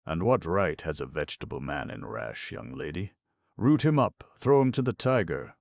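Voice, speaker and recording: A man's voice: extremely low pitch, animated, normal speed, vocal fry, no echo, studio quality, full character voice. A man voicing a stern chief scribe who speaks shrilly and harshly.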